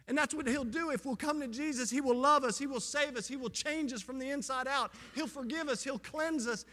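Bright-voiced preacher in a reverberant hall. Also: male voice, extremely high pitch, a little fast, few pauses. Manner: impassioned preaching, rising and falling intensity. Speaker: pastor. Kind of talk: sermon. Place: church with an online audience.

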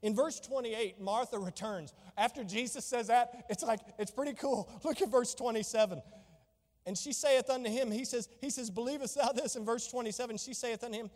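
A man's voice: extremely high pitch, a little fast, darkish tone, big-room sound. A man preaching a sermon as pastor, fervent and exclamatory, reading and explaining scripture.

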